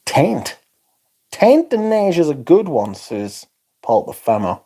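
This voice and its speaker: A man's voice: a little high, big pitch swings, slow pace, warm tone. A man hosting a casual livestream, chatting, swearing freely and reading out viewer comments. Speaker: livestream host reading chat.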